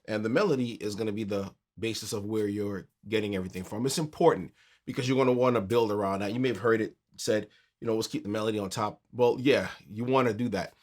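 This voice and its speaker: A man teaching a keyboard tutorial in a relaxed, conversational way, counting beats aloud as he plays. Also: fairly low pitch, fast talker. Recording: piano music under the voice.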